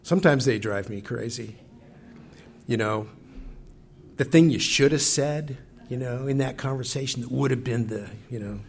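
A man's voice: medium pitch, moderate pace, creaky, long pauses, a little hiss or hum. A male preacher giving a sermon in a reflective manner, often asking his listeners questions directly. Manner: reflective, talks directly to the congregation.

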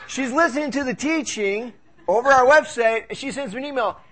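A man's voice: extremely high pitch, a little fast, bright, forceful tone. A man preaching a sermon as pastor in a church service, talking in a conversational, joking, storytelling way.

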